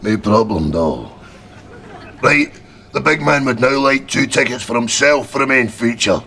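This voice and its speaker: A man's voice: mid-range voice, animated, measured pace, sharp tone. An actor with a Scottish accent playing a brash, swaggering tough who calls himself the big man, firing off crude insults in a sketch comedy. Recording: crowd and noise behind, laughter.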